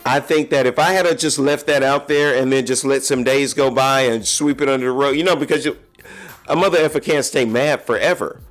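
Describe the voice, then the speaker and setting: Male podcast host, mid-pitched, frank confessional monologue over faint music. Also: fairly quick. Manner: candid, confessional, talks straight to listeners. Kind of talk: casual solo podcast monologue.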